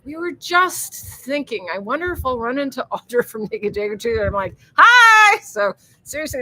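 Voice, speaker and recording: A woman's voice: on the high side, bright, forceful tone, low-quality recording. A woman hosting a casual live stream, rambling and chatty, laughing often and swearing freely as she reads viewer comments.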